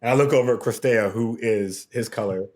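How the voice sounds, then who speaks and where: Man, podcast guest, producer, animated storyteller, acts out quotes, laughs a lot, mid-pitched voice. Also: a little fast. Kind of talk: animated anecdote telling.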